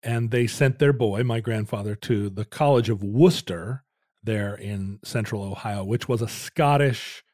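A man's voice: fairly low pitch, measured pace, darkish tone, no room sound. A middle-aged man casually telling a rambling family story with dry jokes on a podcast.

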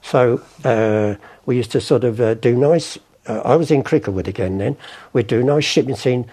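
Gravelly older man spinning yarns. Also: mid-range voice, moderate pace, mellow. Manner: rambling, acts out voices in anecdotes. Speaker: interviewee, former art forger. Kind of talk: storytelling interview.

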